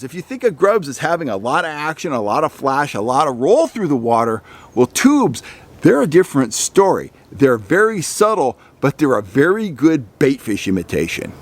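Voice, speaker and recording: Folksy middle-aged man teaching fishing. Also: a little high. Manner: folksy, repeats words while thinking. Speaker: fishing channel host. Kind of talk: instructional talk to camera.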